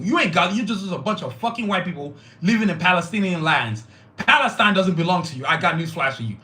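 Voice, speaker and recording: A man's voice: sits high, bright, forceful tone. A man hosting a podcast, delivering a fiery, profane monologue full of repeated lists. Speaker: podcast host.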